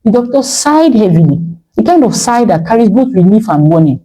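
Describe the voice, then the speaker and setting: A woman's voice: mid-range voice, expressive, brisk, mellow, poor audio. A woman narrating a dramatic story with emotive delivery.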